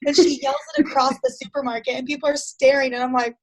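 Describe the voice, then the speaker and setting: Young woman, high voice, chatty interview guest, storytelling, heavy on "like.". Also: level tone, fast, background noise. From United States. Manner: chatty storytelling, frequent "like" fillers. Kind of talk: casual conversation.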